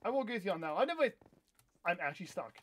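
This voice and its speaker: A young American man with a notably high voice, streaming a game live. He rambles and corrects himself as he chats, breaking into excitable outbursts now and then. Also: racing. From United States. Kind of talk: casual live-stream chat while gaming.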